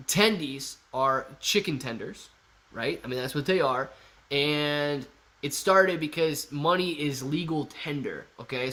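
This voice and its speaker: A young man hosting a casual live stream, reading viewer chat aloud in an excitable, chatty way and calling people bro and man. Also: fairly high pitch. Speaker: livestream host reading chat.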